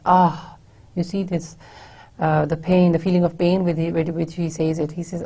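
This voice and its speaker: A woman lecturing on a poem, reading lines aloud and explaining them slowly, often repeating and rephrasing herself. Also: on the low side, little pitch movement, mellow, breathy edge. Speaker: university lecturer. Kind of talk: poetry lecture.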